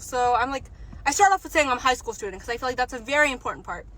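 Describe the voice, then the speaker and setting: Teen girl, seventeen, high-pitched, bright voice, profane animated rant to a phone. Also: a little fast, long pauses, slight background noise, low-quality recording. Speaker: job seeker. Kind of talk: casual rant to camera.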